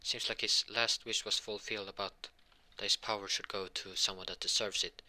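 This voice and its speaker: A childlike male god king who speaks slow and measured, in a bright, forceful tone, put on by a young man. He sounds fairly low for a man, in a homemade story. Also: flat delivery. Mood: calm.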